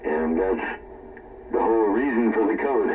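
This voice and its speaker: Slow, low-voiced man over radio. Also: animated. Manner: slow, laid-back, repeats short phrases. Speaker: radio chat participant. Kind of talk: casual chat. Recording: distant, phone-like radio with faint noise.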